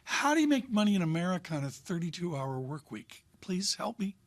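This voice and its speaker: A man with a fairly high voice co-hosts a financial news show, wandering through his points with wry, jokey asides. His delivery is rambling and conversational, and the studio sound is dry and close. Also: very animated, a little fast, no room sound. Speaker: co-anchor. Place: broadcast studio.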